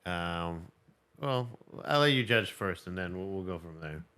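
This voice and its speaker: Podcast host guy, bright sharp tone, lots of uhs and likes. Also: low-pitched, animated, unhurried, smooth. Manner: hesitant, filler-heavy talk. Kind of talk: casual chat.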